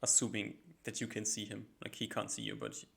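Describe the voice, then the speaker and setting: A man with a low, gravelly voice runs a tabletop game. He talks in a flat, even tone, piling on fillers as he describes what the players see and hear. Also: brisk, a little hiss or hum. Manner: loose, filler-heavy narration. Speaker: game master. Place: home setup, live stream.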